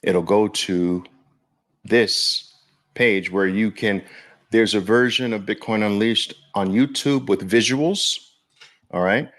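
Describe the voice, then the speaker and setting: A man's voice: lowish voice, takes it slowly, a bit bright. A man hosting a podcast in casual livestream talk, chatting loosely and speaking straight to his viewers. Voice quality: gravelly. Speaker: podcast host.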